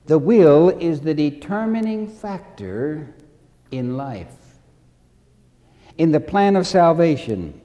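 A man preaching a sermon with slow, deliberate delivery, repeating key phrases and acting out stories. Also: fairly high pitch, animated, warm tone, in a large hall, lo-fi sound.

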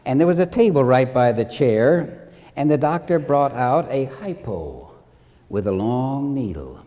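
A man preaching a sermon with slow, deliberate delivery, repeating key phrases and acting out stories. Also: mid-range voice, expressive, dark tone, in a large hall, muffled recording.

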